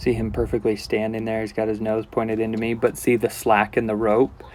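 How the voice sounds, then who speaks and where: Calm man talking through a training session. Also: on the low side, brisk. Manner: calm, relaxed explaining with casual asides. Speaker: horse trainer. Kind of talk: instructional commentary while working.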